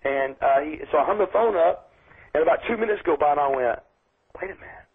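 A man's voice: a little high, expressive, fast talker, slightly rough. A man telling a story casually in an interview and animatedly acting out the voices he quotes. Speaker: guest wrestler. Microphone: phone call into radio show. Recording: tinny phone line.

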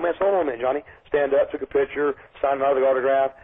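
A man's voice: medium pitch, fairly even intonation, rapid-fire, hardly any pauses. A man telling a story casually in an interview and animatedly acting out the voices he quotes. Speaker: guest wrestler. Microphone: phone call into radio show. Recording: tinny phone line.

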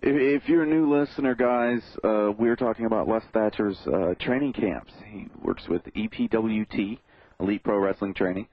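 A man's voice: on the low side, moderate pace, no room sound, highs cut off. A man hosting a radio talk show, easygoing, with brief replies while his guest talks. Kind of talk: casual radio interview.

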